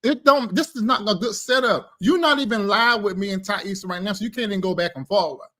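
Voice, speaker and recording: A man's voice: high voice, fairly quick, sharp tone. A man hosting a casual live-stream chat, talking in a blunt, emphatic, preachy way. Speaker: live show host.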